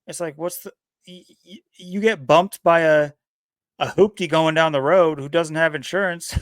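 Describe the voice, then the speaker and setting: A man co-hosting a podcast in casual chat, talking in a rambling, animated way. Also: fairly high pitch, moderate pace, dry recording, studio quality. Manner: rambling, animated, laughs often. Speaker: podcast co-host.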